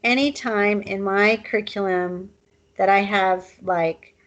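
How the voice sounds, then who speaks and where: A woman's voice: mid-range voice, steady tone, takes it slowly, highs cut off. A woman teaching a recorded online language lesson in a casual, chatty way, with fillers and asides.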